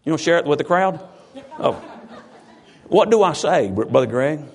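A pastor with a drawl and a high voice preaches loosely to his flock. He talks in a folksy way and keeps calling out people in the pews with playful questions. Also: expressive, normal speed, vocal fry, a faint crowd. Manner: folksy, teasing the congregation with questions. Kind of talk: informal sermon to a congregation.

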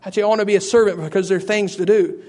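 A man's voice: high voice, steady tone, very fast, darkish tone. A man preaching a sermon, fervent and repetitive, calling out to listeners by name. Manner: addresses listeners by name, frequent "I tell you".

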